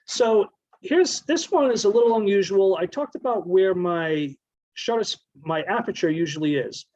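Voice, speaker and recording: A man's voice: high voice, lively intonation, normal speed, darkish tone, dull audio. A man giving a casual slideshow presentation on bird photography, explaining at length and often correcting himself mid-sentence. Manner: explanatory, rambling, self-correcting.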